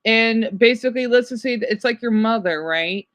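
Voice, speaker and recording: A tired woman from the United States talks casually to her livestream viewers. Her voice sits a little high, and she explains things patiently, drifting and trailing off now and then. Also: moderate pace, fairly bright tone. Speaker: livestream host. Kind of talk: casual chat with viewers while watching a video.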